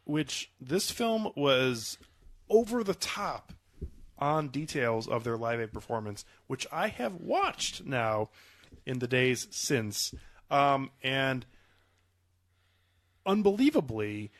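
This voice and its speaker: A man's voice: mid-range voice, big pitch swings, takes it slowly, fairly bright tone. Rambling man with a cold. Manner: rambling, hedging with many fillers. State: has a cold, coughing. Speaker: podcast host. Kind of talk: casual film review chat.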